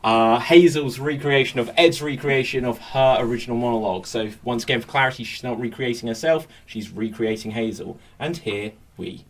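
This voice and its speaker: A man's voice: mid-range voice, fairly quick, few pauses, distant mic. A man hosting a live improv comedy show, announcing games and laughing with the players.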